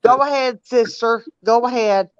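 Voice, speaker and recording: A woman's voice: on the high side, normal speed, clean tone, highs cut off. A woman in casual group chat, blunt and bossy, cutting into the talk and swearing freely.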